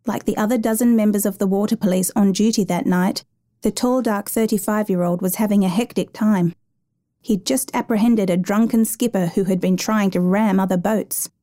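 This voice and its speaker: A woman narrates a dramatic true rescue story in a measured, even reading. Her voice is mellow and warm, at a middle pitch.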